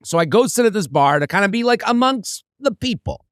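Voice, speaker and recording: A man co-hosting a podcast, telling a funny story in a casual, animated way and acting out other people's lines. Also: high-pitched, fairly quick, dry recording, clean studio sound. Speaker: podcast co-host and comedian.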